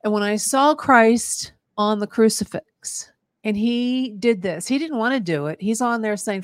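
A woman hosts a radio talk show and tells a long personal story. She rambles earnestly and often restarts her sentences. Her voice sits at a middling pitch and sounds dry and close to the mic. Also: a little slow, no room sound. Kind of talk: casual radio interview, personal testimony.

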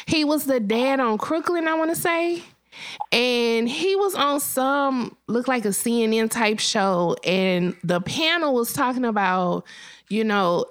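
A woman's voice: clean tone, no echo. A woman co-hosting a casual chat with a friend over a phone call, telling a story and acting out what other people said. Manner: animated storyteller, acts out quotes with big pitch jumps. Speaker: podcast co-host.

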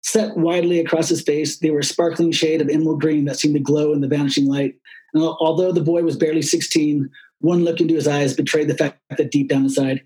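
Male audiobook narrator, slightly high pitch, steady and measured delivery. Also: low-quality recording.

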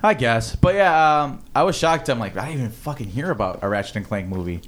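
A man's voice: medium pitch, animated, brisk, crowd noise. A young man hosting a casual podcast, rambling and swearing with lots of fillers. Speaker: podcast host. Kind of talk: casual chat.

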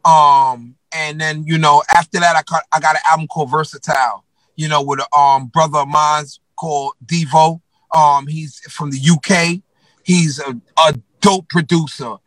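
High bright-voiced animated man storyteller. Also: moderate pace, no echo, poor audio. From New York. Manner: animated storyteller, slangy and profane, many fillers. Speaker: guest rapper. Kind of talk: casual storytelling interview.

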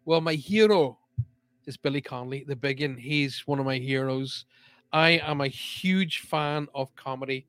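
A man's voice: medium pitch, unhurried, fairly bright tone, no room sound. A man hosting a live-streamed show, chatting casually and reading out viewer comments in an upbeat way.

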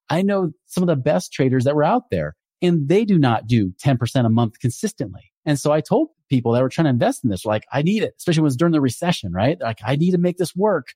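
A man's voice: mid-range voice, mellow, breathy edge, no echo, studio quality. A man hosting a finance show, explaining investment red flags in a casual, emphatic way and acting out the people he quotes. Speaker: podcast host and financial advisor.

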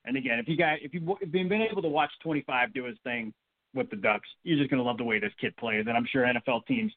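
Fast-talking male sports podcast host. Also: medium pitch. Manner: upbeat, rambling with repeated words. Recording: phone-line audio.

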